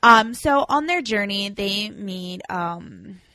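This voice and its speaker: A woman's voice: mid-range voice, expressive, slow pace, sharp tone, no echo. A young woman guest in a casual movie chat, bubbly and giggly, sometimes losing her words.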